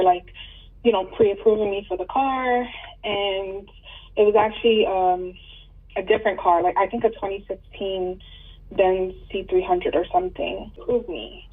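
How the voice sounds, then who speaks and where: Over a tinny, distant phone line, a New York woman calls in for advice. Her mid-range voice is husky, and she tells her story casually, full of fillers and restarts.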